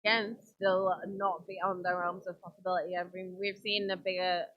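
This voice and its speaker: A woman's voice: lowish voice, level tone, moderate pace, lo-fi sound. A woman with a Geordie accent from Newcastle, giving chatty, playful roller derby commentary. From Newcastle, England. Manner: chatty and playful, laughs often. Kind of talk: live sports commentary.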